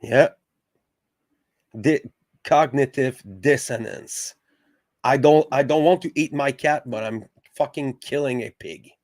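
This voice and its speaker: A man's voice: mid-range voice, a little mellow, no echo, studio quality. A man hosting a podcast, arguing passionately with lots of swearing and stumbling restarts. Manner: profane, passionate, halting with restarts. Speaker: podcast host. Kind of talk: heated casual discussion.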